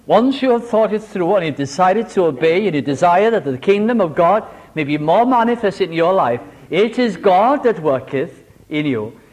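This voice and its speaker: Welsh man, sermon, fairly high voice, very lively pitch, folksy storytelling. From Wales. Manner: animated preaching with homely stories and jokes. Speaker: preacher.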